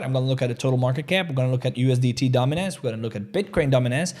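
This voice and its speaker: Energetic guy doing a crypto livestream, chatty, reads chat out loud, mid-pitch voice. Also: fast. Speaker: crypto trading livestream host. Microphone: desk mic, studio chair creaking.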